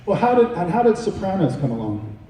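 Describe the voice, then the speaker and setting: A man's voice: high voice, big pitch swings, a little fast, warm tone. A man interviewing a guest at a convention panel, asking short follow-up questions. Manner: brief prompts and follow-up questions. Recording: roomy, distant mic, faint hiss.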